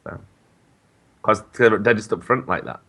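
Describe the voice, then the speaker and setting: A man co-hosting a podcast, talking in a rambling way with stammered restarts and animated stories. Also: on the low side, normal speed, gravelly. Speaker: podcast co-host. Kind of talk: casual podcast chat.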